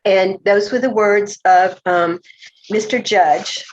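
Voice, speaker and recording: A woman presenter with a Southern US accent and a slight cough, reading a prepared talk in a slow, measured way. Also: mid-range voice, steady tone, dull audio, slight background noise.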